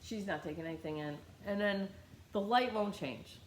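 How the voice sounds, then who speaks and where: American woman in her middle years ranting about her day, blunt and lively, echoey room. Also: mid-range voice, moderate pace, a little hiss or hum. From United States. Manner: blunt, animated, swears freely. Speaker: vlogger telling a story. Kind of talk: casual storytelling.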